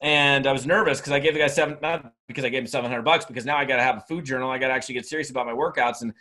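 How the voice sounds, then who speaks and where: A man in his fifties giving a motivational sales training talk, telling stories in an energetic, chatty way full of restarts. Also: medium pitch, very fast. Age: 50s. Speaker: network marketing speaker and trainer. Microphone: webinar recording.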